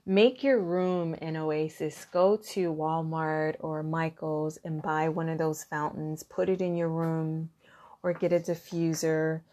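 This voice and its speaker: A woman's voice: low voice, fairly even intonation, slow, few pauses, a little mellow. Earnest middle-aged woman giving advice. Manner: earnest and encouraging, with frequent restarts. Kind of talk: heartfelt self-care advice talk.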